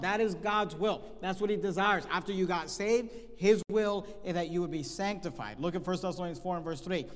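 A man preaching a sermon, emphatic, reading scripture slowly and repeating key phrases. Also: sits high. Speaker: pastor. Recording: long hall reverb.

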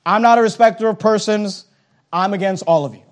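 A pastor preaching a sermon, acting out little dialogues and making blunt, joking asides. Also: male voice, sits high, fairly quick. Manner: animated preaching with acted-out dialogue and rising emphasis.

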